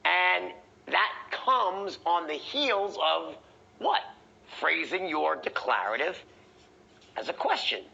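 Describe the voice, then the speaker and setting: A man teaching a sales training session, animated and profane, acting out the tones of voice he teaches. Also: on the high side, slow pace, vocal fry, breathy edge, dull audio.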